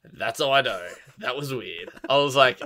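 A man, telling an animated story in a casual podcast chat with heavy swearing. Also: mid-range voice, normal speed. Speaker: podcast co-host.

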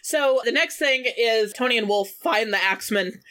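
A woman's voice: on the high side, expressive, sharp tone. A woman co-hosting a podcast, rattling through a plot recap in casual chat and acting out the characters' lines. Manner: fast plot recap with acted-out quotes and laughs. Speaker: podcast co-host recapping episodes.

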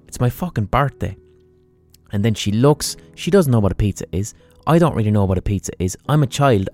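A man's voice: lowish voice, darkish tone. A man with an Irish accent, likely in his thirties, telling a sweary comic story as a podcast host and animatedly acting out his mother. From Ireland.

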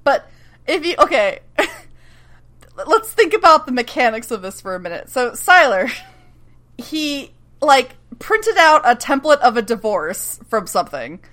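A woman's voice: sits high, big pitch swings, measured pace, fairly bright tone. Chatty, laughing woman podcaster. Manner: chatty, laughs often, swears casually. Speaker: podcast co-host recapping a TV episode. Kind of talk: casual chat.

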